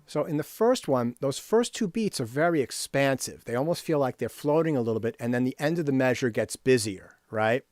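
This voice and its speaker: This rhythm-workshop teacher has a medium-pitched, slightly mellow voice and speaks expressively, fairly fast and with barely a pause. Working at his computer during a screen-share lesson for composers, he scats rhythms and keeps checking in with "right?". Faint music sits under a dry, close recording.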